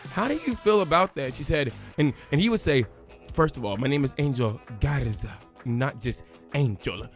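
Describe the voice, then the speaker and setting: A man giving casual, joking let's-play commentary and acting out crowd chants as he tells the story. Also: fairly high pitch. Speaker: gaming YouTuber. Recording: faint music underneath.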